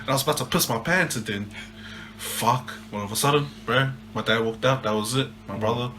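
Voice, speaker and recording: A man's voice: medium pitch, a little fast, a little hiss or hum. A young man, casually telling a story on a podcast, swearing often and ending phrases with "eh". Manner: swears a lot, animated, ends phrases with "eh". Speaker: podcast co-host.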